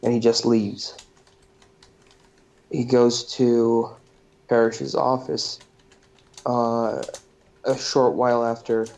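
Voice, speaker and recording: A man's voice: medium pitch, little pitch movement, takes it slowly, gravelly, long pauses, darkish tone. A man hosting a podcast, casually recapping a movie's plot in a loose, profane way with lots of fillers. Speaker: podcast host. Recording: dull lo-fi recording.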